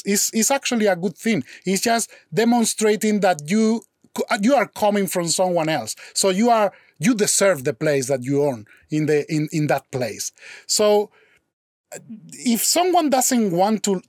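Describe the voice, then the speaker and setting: Brief: male teacher, higher voice, dry close sound, animated storyteller. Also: dry recording. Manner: animated storyteller, acts out quoted dialogue, frequent restarts; non-native English with slips. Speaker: language teacher. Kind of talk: casual conversation.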